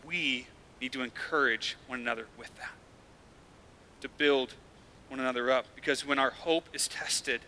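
A man's voice: mid-range voice, moderate pace, bright, forceful tone, slight background noise. A male pastor giving a sermon in a church, speaking earnestly and conversationally, with rising emphasis.

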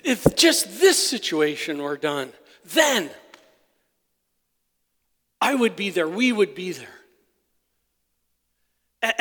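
A man preaching a sermon as pastor, emphatic, swinging between loud peaks and soft asides. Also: very high-pitched. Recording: long hall reverb.

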